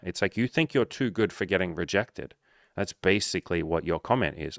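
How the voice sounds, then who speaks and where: A man's voice: sits low, lively intonation, a little fast, dry recording, clean studio sound. A man who works as a dating coach, giving a blunt, profane motivational talk and acting out the people he quotes. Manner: profane, forceful, acts out quoted voices.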